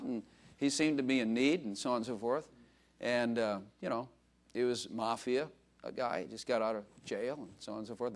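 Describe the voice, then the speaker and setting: An older man giving an informal sermon, telling rambling, self-mocking stories full of fillers and asides to a congregation. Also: mid-range voice. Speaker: preacher.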